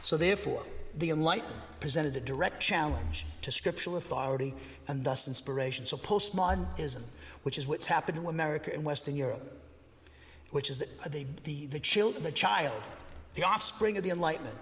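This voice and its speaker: Brief: male pastor, high voice, emphatic dogmatic sermon delivery, long hall reverb. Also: a little fast. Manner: emphatic, bangs the pulpit, excitable; dogmatic, speaks with conviction. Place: church.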